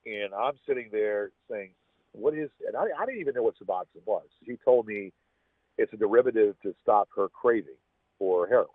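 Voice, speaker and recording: A man with a lowish, husky voice tells a long personal story as a podcast guest, circling back and restarting his sentences. The sound is thin and phone-like, with a dry, close feel. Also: animated, moderate pace, no room sound. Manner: rambling, with repeated restarts. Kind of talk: casual storytelling.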